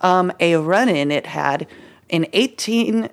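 A woman's voice: on the low side, lively intonation, slow. A woman co-hosting a casual history podcast, telling a story in a chatty way with lots of "like" and "uh" and playful slang. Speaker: podcast co-host presenting history research.

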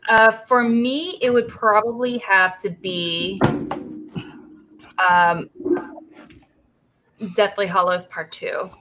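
A woman's voice: medium pitch, steady tone, slow, long pauses, background noise. A woman chatting casually as a panelist, reminiscing with lots of fillers. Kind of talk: casual chat.

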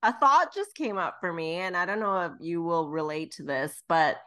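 Woman podcast co-host, lower register, candid and self-mocking, casual swearing. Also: pushed and bright. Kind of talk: casual chat.

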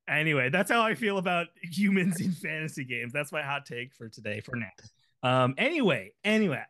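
A man's voice: fairly high pitch, sing-song, brisk, pushed and bright. Playful joking man on a podcast. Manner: playful, jokey, mock-conspiratorial. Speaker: podcast co-host. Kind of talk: casual banter.

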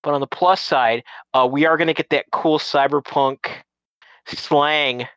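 A man's voice: fairly high pitch, steady tone, a little slow, fairly bright tone, clear, resonant tone, dry recording, low-quality recording. A man in casual chat who rambles, restarting and repeating words often.

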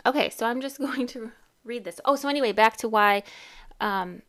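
A woman's voice: fairly high pitch, normal speed, fairly bright tone. A woman in her thirties hosting a casual podcast, chatty and rambling, often laughing and cutting herself off. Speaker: podcast host and therapist.

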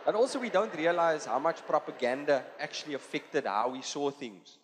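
A man with a South African Indian accent doing a stand-up comedy set on a theatre stage, acting out characters in quick put-on voices. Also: a little high, slight background noise. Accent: South African Indian English. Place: theatre stage before a live audience. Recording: live hall recording with loud audience ambience.

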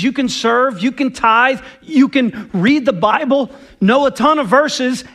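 A man's voice: very high-pitched, fairly bright tone. A man preaching a sermon with passion and emphasis, often acting out quoted dialogue. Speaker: pastor.

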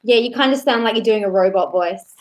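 A woman guesting on a casual movie review chat over an online call, chatty and quick to agree. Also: mid-range voice, darkish tone, a little hiss or hum. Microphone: own mic on an online call.

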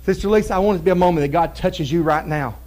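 Male preacher, high-pitched, fervent and repetitive, pushing into shouted exhortation. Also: rapid-fire, poor audio. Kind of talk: fervent sermon. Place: church sanctuary.

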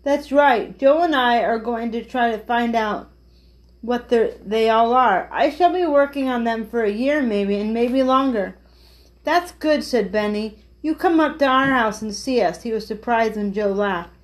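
A woman's voice: a little high, unhurried, poor audio. A woman reading a children's chapter book aloud, giving the characters light voices. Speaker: storyteller.

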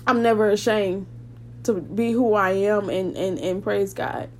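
A woman's voice: medium pitch, steady tone, unhurried. A woman, hosting a preaching podcast and praying aloud with fervent emphasis. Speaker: podcast host.

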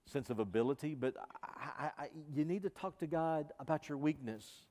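Male pastor, sermon delivery, fervent then hushed, slightly high voice, long reverb of a sanctuary. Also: moderate pace, few pauses. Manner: impassioned, swinging from loud emphasis to quiet intensity. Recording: reverberant hall.

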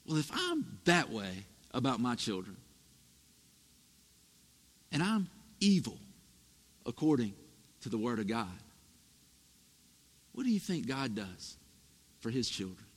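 A man in his thirties preaching a sermon, telling family stories with animated, emphatic delivery. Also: medium pitch, takes it slowly, pauses often, breathy edge. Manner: storytelling, animated, rising to emphatic peaks. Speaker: pastor. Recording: echoey hall reverb.

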